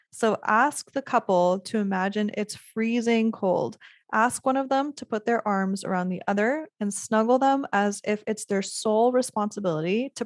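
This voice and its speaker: A woman giving a casual, chatty tutorial on photography prompts, upbeat with lots of filler words and sudden high bursts when she acts out cheering couples on. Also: no room sound. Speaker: photography educator.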